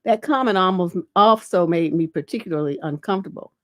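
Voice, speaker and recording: A middle-aged woman with a fairly low voice reads out viewer letters and answers them with blunt, casual advice, full of "you know". She has a lingering cough. The sound is dry and close, with no room echo. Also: fairly quick. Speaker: relationship coach. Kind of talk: livestream advice show, reading and answering questions.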